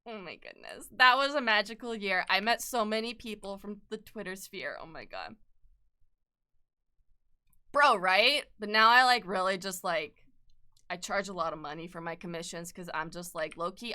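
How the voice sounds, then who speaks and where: A young adult woman chatting casually on an art livestream, excitable and gushing, swearing freely and laughing often. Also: medium pitch, moderate pace, clean tone. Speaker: artist livestreamer. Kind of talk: casual chat while drawing.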